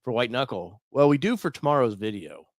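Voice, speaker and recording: A man's voice: medium pitch, sing-song, a little fast, no room sound, studio quality. A man hosting a casual live-stream chat, joking and teasing in a loose, rambling way. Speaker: show host.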